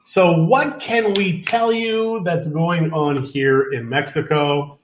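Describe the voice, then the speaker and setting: A man co-hosting a casual live-stream chat, joking and teasing through relaxed banter. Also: fairly high pitch, slow, echoey room, slight background noise. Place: home in Mexico.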